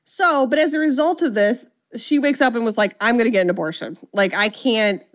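A brisk woman with a fairly high voice co-hosts a podcast, chatting casually about a movie. She lively retells the film's plot, acting out what the characters say.

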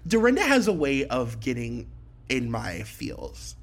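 A woman's voice: rumbling low, big pitch swings, a little slow. A woman chatting casually on a podcast, reacting with laughs and teasing comments. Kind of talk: casual chat.

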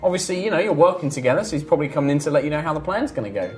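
A woman narrating as game master, relaxed and full of fillers. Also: deep voice, rapid-fire, faint music behind.

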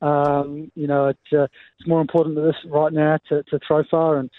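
A man, an athlete giving a relaxed radio interview by phone and peppering his talk with "mate" and "you know". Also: fairly high pitch, normal speed, no room sound. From New Zealand. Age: 20s. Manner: laid-back, fills speech with "mate" and "you know". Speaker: athlete guest. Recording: tinny phone line.

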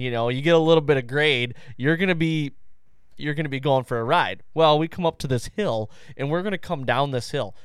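A man hosting a podcast, telling a story in a loose, animated and profane way. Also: mid-range voice, clear, resonant tone, no echo, clean studio sound. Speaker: podcast host. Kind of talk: casual storytelling chat.

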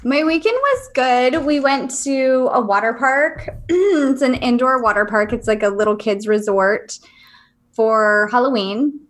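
A woman in her thirties co-hosting a podcast, chatting casually and telling stories with lively acted-out quotes. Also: a little slow. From Virginia, US. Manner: animated storyteller who acts out quotes in high voices. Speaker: podcast co-host. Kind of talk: casual chat.

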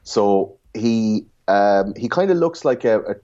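A man's voice: lowish voice, animated, slow pace, warm tone. Irish man, dull lo-fi sound. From Ireland. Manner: loose, rambling, laughs often. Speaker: podcast co-host. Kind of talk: casual chat.

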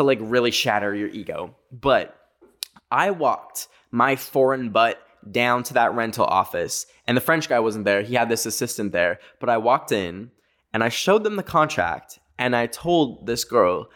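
Young man rambling through a storytime. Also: mid-range voice. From Canada. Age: 20s. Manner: rambling, animated, full of filler "like". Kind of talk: casual storytime monologue.

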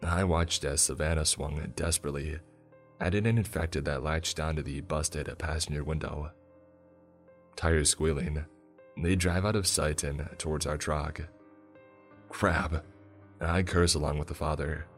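A man narrating a first-person horror story in a steady storytelling voice. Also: rumbling low, moderate pace, soft background music.

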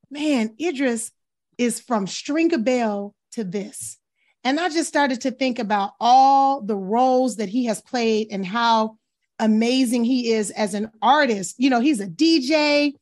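A woman co-hosting a talk show in casual, emphatic chat with her fellow hosts. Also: high-pitched. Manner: chatty, emphatic, calls others "girl".

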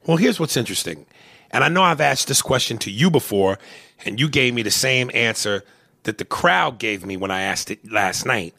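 Animated gravelly New host. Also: male voice, mid-range voice, moderate pace, no room sound, studio quality. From New York. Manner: animated, mimics accents, repeats words. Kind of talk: casual comedic podcast chat.

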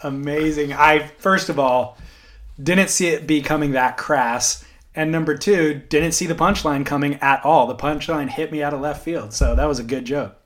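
A man co-hosting a casual podcast, reacting with quick interjections. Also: fairly high pitch, fairly bright tone. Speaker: podcast co-host. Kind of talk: casual chat.

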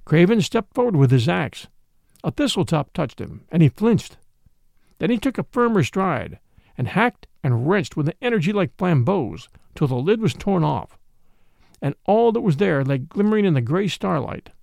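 Gravelly, expressive male storyteller. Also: on the high side, moderate pace, no room sound, clean studio sound. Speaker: narrator. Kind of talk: audiobook reading of a classic mystery.

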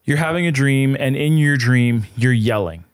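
A young man in casual podcast conversation, his voice sitting at an ordinary middle pitch. The sound is close and dry with no room around it. He talks loosely and jokes while defending himself. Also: moderate pace, smooth, dry recording. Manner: relaxed, joking, defensive banter. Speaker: podcast co-host. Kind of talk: casual chat.

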